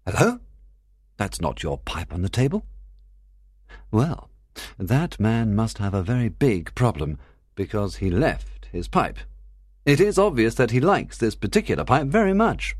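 A man playing a brilliant, confident and impatient detective in an audiobook drama, reasoning aloud in a crisp manner. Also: on the low side, big pitch swings, a little slow, long pauses, no room sound, clean studio sound, exaggerated voice.

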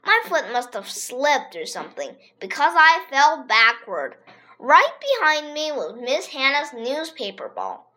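A child reading a funny children's story aloud in a lively, expressive way. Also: sits high, a little slow. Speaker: reader.

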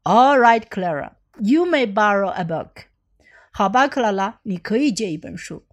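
A woman's voice: medium pitch, lively intonation, normal speed, lightly acted. A woman reading the part of a busy, weary farmer father in a storybook, in a tired and reluctant way.

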